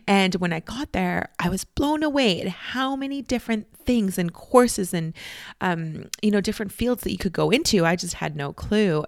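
A woman's voice: sits low, a little mellow, no room sound, clean studio sound. A middle-aged woman hosting a podcast interview, bubbly and chatty, laughing often and using many fillers. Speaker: podcast host.

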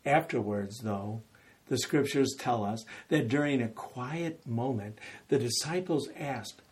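Male preacher, unhurried, slightly husky, animated storytelling sermon. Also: mid-range voice. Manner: animated storytelling, acting out quotes with rising intensity.

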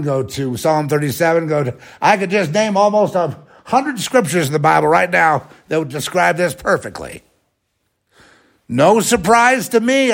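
A man hosting a rambling, sarcastic religious commentary talk. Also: mid-range voice.

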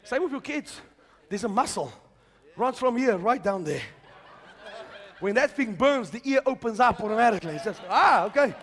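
A man preaching a charismatic sermon, moving from quiet storytelling to shouted declarations. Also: very high voice, expressive, normal speed, long pauses. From South Africa. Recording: long hall reverb.

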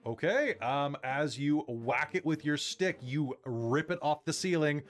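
A man narrating as game master in a casual, animated way. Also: a little high, a little slow.

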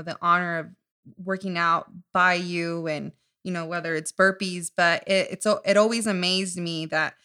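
A woman's voice: mid-range voice, bright, forceful tone. A woman hosting a podcast, asking long, encouraging questions with many fillers like "you know.". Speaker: podcast host. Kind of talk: interview questions.

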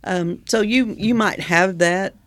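A man's voice: sits high, slow pace, a bit bright, dry recording, studio quality. A man co-hosting a podcast, chatting about a poem and word origins in a thoughtful way and laughing often. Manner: thoughtful, laughs often, reads etymology aloud. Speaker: podcast co-host. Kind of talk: casual chat about poetry.

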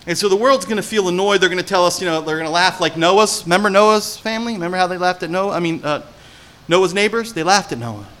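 A male pastor giving an animated sermon, swinging between hushed and loud delivery and often putting questions to his listeners. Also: high voice, fast.

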